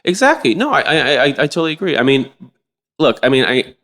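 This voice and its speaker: A middle-aged man telling stories as a podcast guest in a rambling, animated way, swearing freely. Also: a little high, brisk. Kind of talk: casual interview storytelling.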